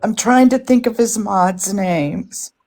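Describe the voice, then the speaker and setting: A woman on a live stream, shaken and speaking haltingly. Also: mid-range voice, a little mellow.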